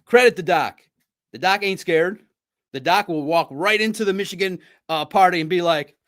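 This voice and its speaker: Male sports podcast host, casual playful banter and friendly trash talk, fairly high voice with a very lively pitch. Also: fairly quick. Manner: swings between loud bursts and low asides.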